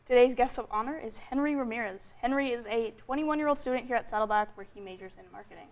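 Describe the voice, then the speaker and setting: A woman's voice: on the high side, fast talker, darkish tone. Young woman reading a show intro. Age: young adult. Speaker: talk show host. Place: college TV studio.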